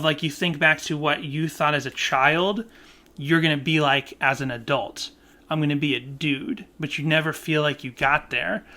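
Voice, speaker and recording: A man co-hosting a podcast, chatting casually about a song, animated and laughing often as his thoughts run on. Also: on the high side. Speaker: podcast co-host. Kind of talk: casual chat about music.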